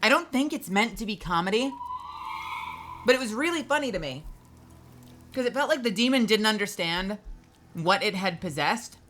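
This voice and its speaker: A woman streaming a video game live, chatting in an animated way with exclamations. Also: medium pitch, moderate pace, pauses often.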